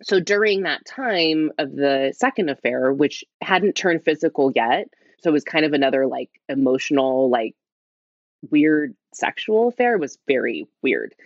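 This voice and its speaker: A woman guest speaking quietly as she tells a candid personal story, rambling with lots of "like" and restarts. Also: low voice, lively intonation, unhurried, dry recording, muffled recording. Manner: rambling, heavy use of "like", restarts. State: speaking quietly, half-whispering. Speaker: interview guest.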